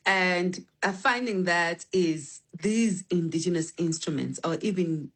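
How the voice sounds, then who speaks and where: Animated woman musician. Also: on the low side, a little slow, slightly rough. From South Africa. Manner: animated, spiritual storytelling with many restarts and fillers. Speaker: guest musician. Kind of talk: remote interview. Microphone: phone line.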